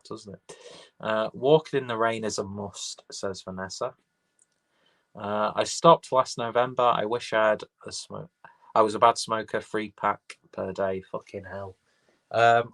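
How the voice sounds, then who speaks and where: A man's voice: fairly low pitch, fairly bright tone, rough recording. A man with an English accent, hosting a casual livestream and reading viewers' comments aloud, rambling and swearing freely. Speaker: livestream host reading chat.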